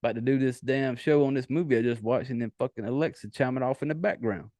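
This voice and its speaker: A man's voice: medium pitch, quick pace, a little mellow, no echo. A man with a Southern accent hosting a podcast, chatting casually with rambling, profane asides. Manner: rambling, profane, laid-back. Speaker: podcast host. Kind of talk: casual solo podcast chat.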